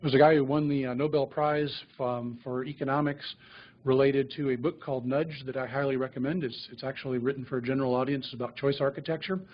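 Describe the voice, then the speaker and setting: A man's voice: medium pitch, steady tone, fast, highs cut off, slight background noise. A man, a physician, giving a grand rounds lecture and telling stories that act out talks with patients and families. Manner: conversational storytelling, acts out patient dialogues.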